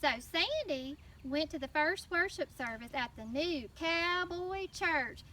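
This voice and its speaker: Southern lady telling a kids story at church, high bright voice, mic kinda far off. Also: a little slow. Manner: animated, prompting child responses. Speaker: children's mission teacher. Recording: distant mic with faint noise.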